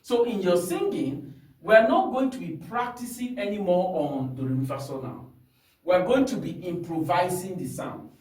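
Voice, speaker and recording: A man teaches a singing lesson step by step, checking in often with his student with "hmm?" and "you understand?" His voice sits high and is expressive and a little mellow at a normal speed, recorded in an echoey room with the mic far off.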